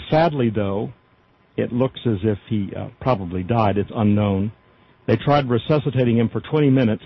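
Husky man, lo-fi news commentary. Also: on the low side. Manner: reads articles aloud with frequent fillers and asides. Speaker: podcast news host. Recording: dull lo-fi audio.

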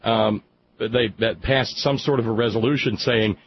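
A radio talk show host with a Southern accent runs a casual call-in chat, his voice on the low side and steady at a normal speed. He's wry and rambling, restarting often, and the broadcast is slightly muffled with a little background noise.

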